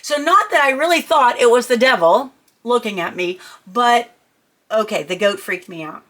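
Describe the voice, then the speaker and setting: A middle-aged woman tells a personal story in a chatty, animated way, full of asides. Her voice sits a little high and rings bright and clear. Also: moderate pace. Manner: animated, jumps high and shouts when quoting her own panic. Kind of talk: personal anecdote told to listeners.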